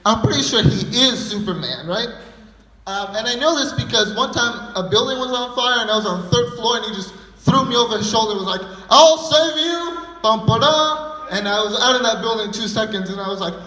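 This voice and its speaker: High bright-voiced young man doing stand-up. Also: fast talker. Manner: rambling, filler-heavy storytelling. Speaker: stand-up comedian. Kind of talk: stand-up comedy set. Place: live comedy venue. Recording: echoey hall.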